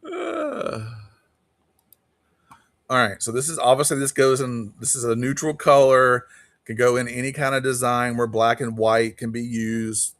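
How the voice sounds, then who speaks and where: A man hosting a live online auction stream, chatting casually and quickly calling bids while greeting viewers by name. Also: mid-range voice, animated, a bit bright, dry recording, clean studio sound.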